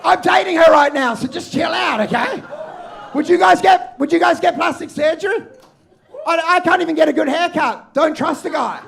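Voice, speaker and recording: Australian man, stand-up comic, very high pitched, heavy vocal fry, ranting, shouting. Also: normal speed, a faint crowd. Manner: loud, ranting delivery, often shouting. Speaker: stand-up comedian. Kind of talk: live stand-up set. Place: comedy club stage.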